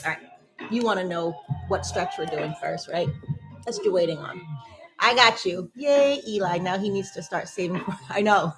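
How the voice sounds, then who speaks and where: Her voice is fairly low and her pace moderate as this woman chats animatedly with her live dance fitness class, storytelling amid whoops and laughs. Background music accompanies the low-quality recording.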